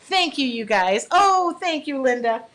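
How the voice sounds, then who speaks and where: A woman's voice: high voice, expressive, unhurried, a bit bright, rough recording. A woman hosting a casual live painting demo, chatting with viewers by name and apologizing for small slips as she works. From Michigan.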